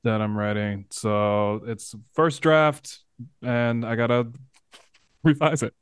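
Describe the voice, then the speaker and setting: A man's voice: mid-range voice, level tone, slow, smooth, no echo. A man hosting a podcast, talking in a laid-back, upbeat way with slangy phrasing. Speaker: podcast host. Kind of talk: casual chat.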